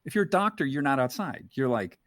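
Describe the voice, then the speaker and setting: A man's voice: mid-range voice, quick pace, no echo, studio quality. A man talking as a podcast guest in casual conversation, loose and full of fillers. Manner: animated, loose, lots of fillers like "you know" and "like". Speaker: podcast guest, photographer and speaker.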